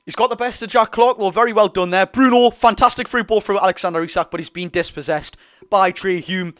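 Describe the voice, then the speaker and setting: A young man with a Geordie accent giving excitable, partisan live commentary on a football match for his viewers. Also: high voice, brisk. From North East England. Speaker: football fan streamer.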